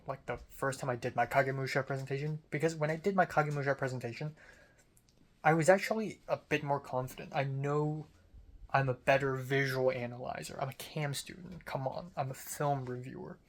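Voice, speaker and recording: A young adult film student talks through a story in a loose, casual monologue. The delivery rambles, packed with "like" fillers and offhand swearing, at a middling pitch.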